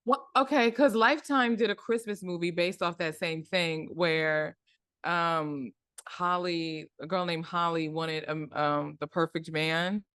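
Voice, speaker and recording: Lively, laughing woman guest on a dry mic. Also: on the low side, measured pace, clear, resonant tone, no echo. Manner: laughing, animated reactions. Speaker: podcast guest. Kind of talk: casual chat.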